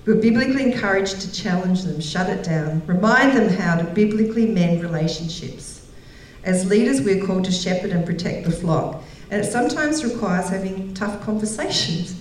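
A woman's voice: medium pitch, animated, moderate pace, slight background noise. Middle-aged woman preaching in an echoey hall. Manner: storytelling, laughs often, acts out quoted voices. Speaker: women's conference speaker. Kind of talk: sermon. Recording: very echoey hall, voice heard from a distance.

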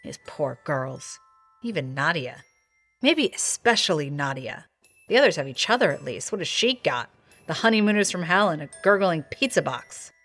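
A woman's voice: low-pitched, sing-song, normal speed, a bit bright, soft background music. Wry sardonic female narrator. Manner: wry, sardonic, swears freely. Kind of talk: scripted audio drama narration.

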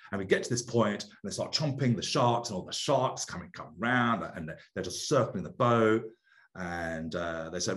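Middle-aged male guest, fairly low voice, lively storyteller who laughs and stumbles over repeats. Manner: animated, laughs often, repeats words. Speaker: podcast guest. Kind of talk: casual storytelling.

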